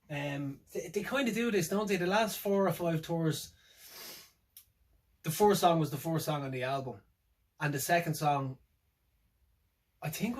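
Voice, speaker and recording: A man's voice: on the high side, low-quality recording. A man talking casually on his own, reacting to a concert setlist, hesitant and rambling, with lots of fillers and restarts. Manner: wry, laughs to himself. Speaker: music fan reviewing a tour setlist. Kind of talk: casual solo reaction vlog.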